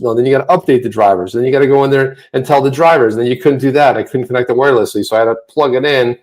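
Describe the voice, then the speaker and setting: A man co-hosting a casual livestream chat, rambling with many restarts and getting animated when he rants. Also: mid-range voice, fast talker, hardly any pauses. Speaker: co-host. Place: home office.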